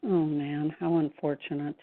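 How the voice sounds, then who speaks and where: A woman with a lowish voice hosts a radio talk show over a thin, phone-like line. She listens supportively and answers her guest's stories with exclamations. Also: little pitch movement, unhurried. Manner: warm, supportive listener who reacts with exclamations. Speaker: host.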